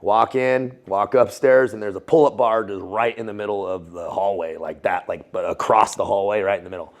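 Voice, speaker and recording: A man's voice: fairly low pitch, fairly even intonation, a little fast. A man guest in a casual interview, telling a story in slangy, swear-filled talk with frequent laughs. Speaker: guest, former Navy SEAL and Foreign Legionnaire.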